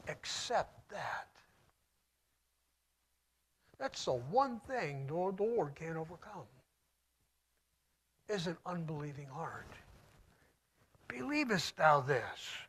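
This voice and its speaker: A man preaching a sermon, reading scripture slowly and solemnly and swinging between loud declaiming and hushed near-whispers. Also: sits high, very animated, breathy edge.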